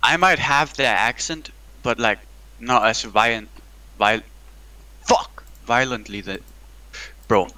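A man's voice: medium pitch, slow pace, pauses often, bright, forceful tone, low-quality recording. A young man chatting casually with a friend while gaming, joking, rambling and swearing a lot. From Denmark.

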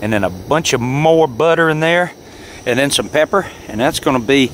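An outdoor vlogger narrates casually and cheerfully to the camera from a snowy woodland campsite. His mid-range voice is expressive and a bit bright at a moderate pace, with slight background noise behind it.

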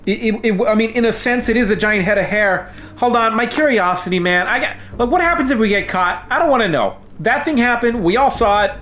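A man's voice: high-pitched, expressive, a little fast, few pauses, fairly bright tone. A man giving playful, jokey commentary while playing a game at home, yelping when startled. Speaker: gaming YouTuber. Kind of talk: casual let's-play commentary. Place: home room. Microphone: desk microphone.

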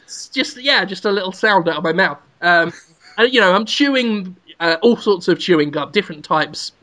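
Guy on a comedy podcast, bright punchy voice, crude jokes, keeps giggling. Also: high-pitched, expressive, moderate pace. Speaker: podcast co-host. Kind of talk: comic riffing.

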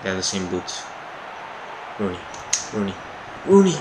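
A young man giving loud, profane, excitable live commentary on his own football video game match. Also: fairly low pitch, moderate pace, noisy background. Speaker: gaming YouTuber.

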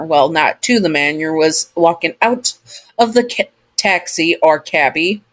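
Low, slow woman reading fan fiction. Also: a bit bright. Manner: rambling, self-correcting. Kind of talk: second-person story narration.

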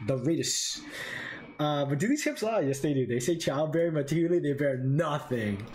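A man's voice: mid-range voice, normal speed, slight background noise. A man talking casually on a live drawing stream, thinking aloud about his design and answering his chat. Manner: animated, jumps between musing and excited bursts. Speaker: artist streamer.

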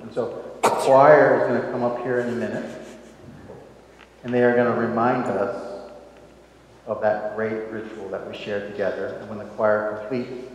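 A man's voice: lowish voice, little pitch movement, moderate pace, pauses often, a little hiss or hum. A man preaching a sermon as pastor in a church, speaking conversationally and often checking in with "right?". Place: church sanctuary. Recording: echoey church, dull sound.

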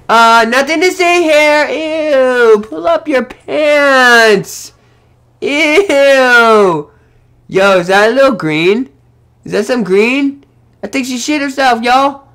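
Gaming host, young man: very high bright voice, excitable, yells and curses at the game. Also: measured pace. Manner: excitable, yelling and cursing at the game. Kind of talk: gameplay commentary.

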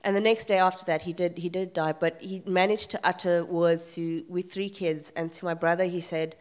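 A woman panel guest at a live festival talk, telling a painful family story candidly and emotionally, with many pauses and fillers. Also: on the low side, steady tone, clear, resonant tone. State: emotional, near tears. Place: festival event room.

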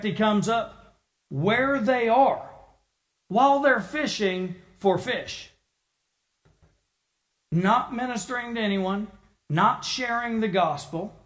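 Male preacher, slightly high voice, animated storyteller who voices the people in his story. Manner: lively storytelling, acting out the people in it. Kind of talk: sermon.

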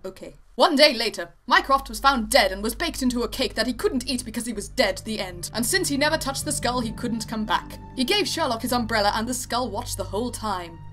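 A young woman narrating a silly fan story for her amateur cartoon in a flat, deadpan amateur reading. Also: fairly high pitch, fairly quick, few pauses, faint music behind.

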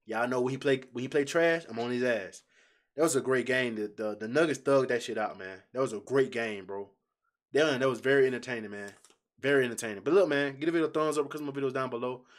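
Talking fast in a medium-pitched voice, a man hosts a laid-back basketball reaction video. He gets worked up, leans on slang, swears on impulse, and speaks right to his viewers.

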